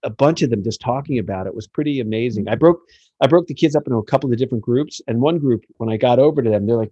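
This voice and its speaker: A middle-aged American man hosts a casual podcast and tells his stories with jokes, lots of fillers and a pitch that jumps around. His voice sits at an ordinary middle pitch. The recording is dry and close, with no room sound. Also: fast, slightly rough, dry recording, muffled recording. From United States. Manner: animated storyteller, jokey, many fillers. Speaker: podcast host.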